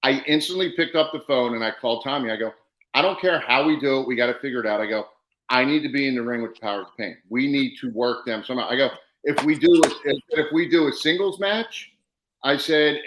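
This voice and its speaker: Bright-voiced man telling wrestling stories. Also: medium pitch, echoey room, poor audio. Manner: animated anecdotes, acting out quoted dialogue. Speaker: professional wrestler guest. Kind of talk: casual storytelling.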